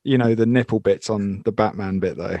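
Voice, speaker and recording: A male musician guest in casual chat, relaxed and casually profane. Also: fairly low pitch, a little fast, no room sound, lo-fi sound. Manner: laid-back, swears casually.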